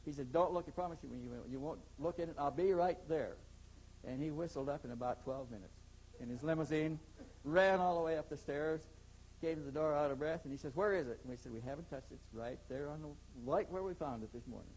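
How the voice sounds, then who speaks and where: A man's voice: fairly high pitch, a little fast, darkish tone, a little hiss or hum, rough recording. An older man, an interview guest, telling a long story in a rambling way, repeating words and acting out the dialogue.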